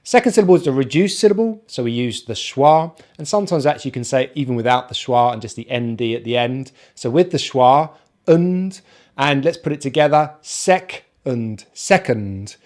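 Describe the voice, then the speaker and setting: A man with a British accent teaching an online pronunciation lesson, speaking slowly and modelling each sound one at a time. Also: medium pitch, darkish tone. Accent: British English, non-rhotic. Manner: slow, careful, demonstrates sounds one by one.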